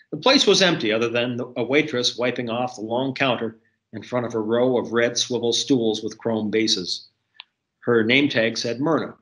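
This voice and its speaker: Middle-aged author, steady story reading, mid-range voice, video call. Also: male voice, mid-range voice, rough recording. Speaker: author and artist. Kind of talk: reading his novel aloud.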